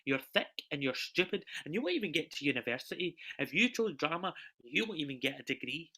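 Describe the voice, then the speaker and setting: A scornful old male schoolteacher who talks down to his pupil bluntly and with contempt, done by a man quoting him. The voice is fairly high and bright, and it comes through a video call. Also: big pitch swings, fast talker, husky, exaggerated voice.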